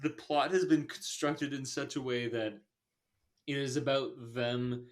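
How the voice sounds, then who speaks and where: A man's voice: medium pitch, fairly even intonation, unhurried. A man talking through a movie review in loose, casual podcast chat. His delivery is dry and sarcastic, with laughter slipping in as he mocks the plot. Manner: sarcastic, laughs while criticizing. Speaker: podcast co-host.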